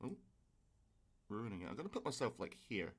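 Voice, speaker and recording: A man's voice: on the low side, very animated, brisk, slightly rough. A man, streaming a game and chatting casually in a rambling way that swears freely. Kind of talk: casual gameplay stream chat. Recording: game music playing behind.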